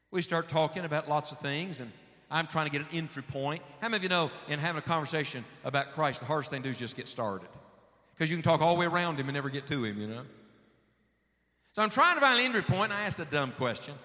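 A man with a slightly high voice preaches to a congregation, telling a story in a folksy, anecdotal way and voicing each person in it. His words ring out with a long reverb, as in a large church hall. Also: lively intonation, quick pace, bright, forceful tone. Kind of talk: sermon storytelling.

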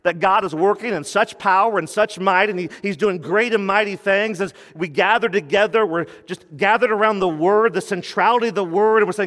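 Pastor, male, emphatic sermon delivery with a slightly high voice, recorded in a reverberant hall. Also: brisk, few pauses, fairly bright tone. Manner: emphatic preaching, drops low for key points, rises when quoting.

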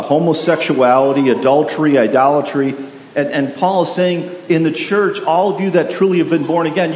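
A man's voice: fairly high pitch, a little mellow. A man preaches from a church pulpit, pressing his points hard and checking in with the congregation. His voice rings through a large, reverberant hall with a faint hiss in the background. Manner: emphatic, repetitive, asks the congregation questions. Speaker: pastor. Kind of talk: sermon. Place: church sanctuary.

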